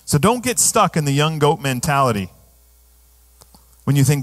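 A man's voice: a little high, big pitch swings, normal speed. A male pastor preaching a sermon in a conversational way, often asking the congregation questions.

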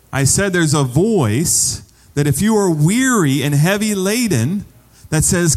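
Pastor preaching in a reverberant hall. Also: male voice, fairly high pitch, expressive, normal speed. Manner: conversational preaching, repeats phrases for emphasis. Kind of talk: sermon.

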